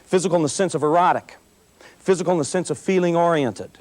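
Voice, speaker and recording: A man with a notably high voice talks plainly and emphatically to a school audience. He is folksy and frank, and he repeats key phrases to drive his points home. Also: quick pace, darkish tone. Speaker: motivational speaker to students. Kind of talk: school assembly talk.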